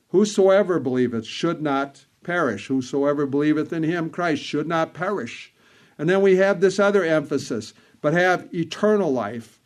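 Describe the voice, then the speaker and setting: Man preaching a deliberate, repetitive sermon. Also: on the high side. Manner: measured, repeating words for emphasis, quoting old scripture wording.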